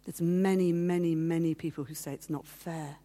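Warm-voiced woman giving a heartfelt testimony. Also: on the low side, steady tone, normal speed. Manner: storytelling, acting out quoted voices; heartfelt, at times teary. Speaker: guest speaker. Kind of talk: personal testimony talk. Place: meeting hall.

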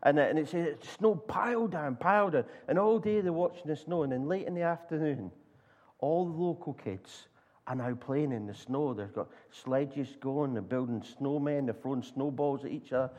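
A man with a Scottish accent preaching a sermon in church, acting out voices as he tells stories, with frequent stumbles and restarts. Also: fairly high pitch. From Scotland. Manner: animated storyteller, acts out voices, halting restarts. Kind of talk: sermon with storytelling.

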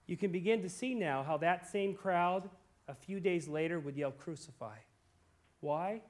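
A male pastor delivers a sermon in a fairly high voice. He swings between soft, hushed moments and loud, impassioned pleas.

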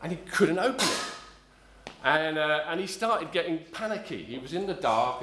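A middle-aged preacher from south-east London works through a sermon in a loose, conversational way, correcting himself and filling pauses with ums. His voice sits in an echoey church space. A faint hum of room noise runs underneath. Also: on the high side, animated, fairly bright tone. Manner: rambling, self-correcting storyteller, frequent ums. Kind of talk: sermon with a personal story.

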